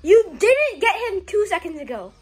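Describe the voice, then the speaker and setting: Female vlogger, very high bouncy voice, teasing and playful. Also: very animated, normal speed, a little mellow, faint music behind. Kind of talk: casual prank vlog chat.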